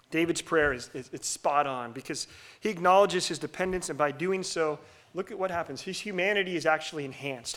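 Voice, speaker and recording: Bright, animated middle-aged male pastor. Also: sits high. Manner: animated, swings between loud bursts and hushed whispers; leads the congregation in call-and-response. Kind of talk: sermon.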